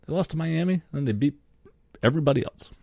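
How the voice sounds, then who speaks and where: A man's voice: a little high, expressive, fast, gravelly, a little mellow, no room sound. A young man, co-hosting a podcast and ranting sarcastically about sports, swearing freely. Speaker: podcast co-host. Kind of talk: solo sports podcast rant.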